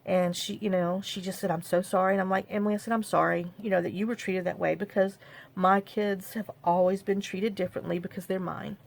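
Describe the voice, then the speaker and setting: A middle-aged woman telling a personal story to camera, halting and full of fillers. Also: mid-range voice, flat delivery, gravelly. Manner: halting, many fillers and repeated "I said". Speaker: craft vlogger.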